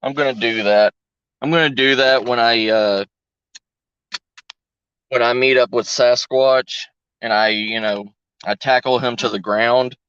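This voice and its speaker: A man's voice: mid-range voice, steady tone, measured pace, pauses often, fairly bright tone, clear, resonant tone, no room sound, lo-fi sound. A man streaming a game, bantering with his chat in a joking, giggly way. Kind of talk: casual chat to stream viewers.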